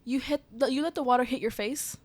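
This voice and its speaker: A woman's voice: high voice, quick pace, a little mellow. A young woman co-hosting a casual podcast, blunt and teasing, swearing freely. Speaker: podcast co-host.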